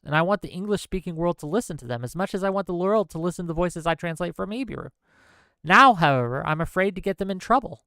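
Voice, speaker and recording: A man's voice: a little high, a bit bright, dry recording. A man hosting a political commentary stream, ranting heatedly with profanity and reading an essay aloud. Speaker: stream host.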